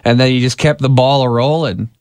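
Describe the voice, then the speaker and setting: A man's voice: mid-range voice, steady tone, darkish tone, clean tone, dry recording. A man co-hosting a radio show, telling a news story in a casual joking way. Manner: jokey, drawn-out storytelling.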